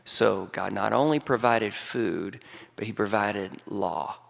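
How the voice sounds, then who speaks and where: A man's voice: lowish voice, slow pace, creaky. A man with a Southern US accent preaching a humorous sermon, telling the story in a folksy, joking way. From Southern United States. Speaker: pastor. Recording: long hall reverb.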